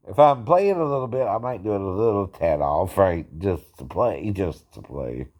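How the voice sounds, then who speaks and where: A man's voice: lowish voice, darkish tone, a little hiss or hum. A man talks casually to the camera in an unscripted, homemade-sounding chat. He keeps checking in with a rising "right?" after almost every phrase, and breaks into frequent nervous little chuckles. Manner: ends nearly every phrase with a questioning "right?"; chuckles often, a bit self-conscious. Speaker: amateur impersonator explaining singing impressions. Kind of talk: casual talking-head chat.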